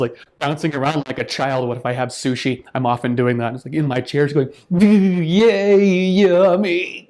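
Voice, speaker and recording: Casual, animated man reviewing a book. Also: medium pitch. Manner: animated, acts out examples, swears casually. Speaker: self-improvement channel host reviewing a book. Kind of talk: casual talk to camera.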